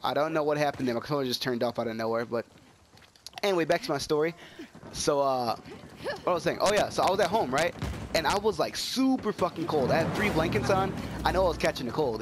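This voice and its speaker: This excitable young guy, a gaming YouTuber, chats casually over his gameplay in a lively pitch, letting out yelps and wandering into talkative tangents. He's sick with a cold and coughing, and the recording is very noisy, with game gunfire in the background.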